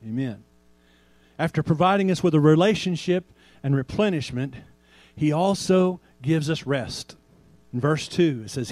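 A man pastor preaching a sermon in a conversational way, asking rhetorical questions and slowing down to stress quoted scripture. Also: fairly high pitch, a little mellow, no echo.

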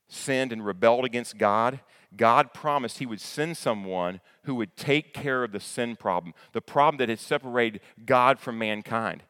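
Low-voiced pastor preaching in a reverberant hall. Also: male voice, fairly bright tone. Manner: conversational, repeats words, asks the congregation questions. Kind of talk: sermon. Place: church sanctuary.

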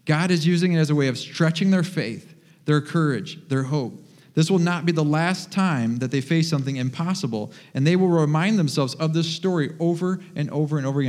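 A man preaching a sermon as pastor, animated and joking as he tells stories to his congregation in a church. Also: a little high. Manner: animated, humorous storytelling. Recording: long reverb of a large hall.

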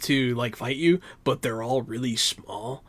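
A man's voice: medium pitch, a little slow, a bit bright. A man on a casual podcast chat, wry and joking.

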